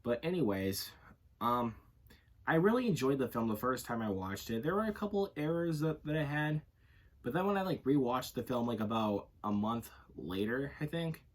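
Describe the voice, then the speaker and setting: A man's voice: mid-range voice, animated, normal speed. A man giving a casual, unscripted movie review, rambling and correcting himself as he goes. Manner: rambling, self-correcting, leans on filler phrases.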